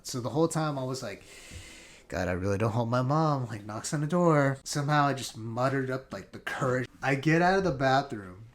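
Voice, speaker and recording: Young male vlogger, mid-pitched voice, loose profane storytime delivery. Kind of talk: casual storytime.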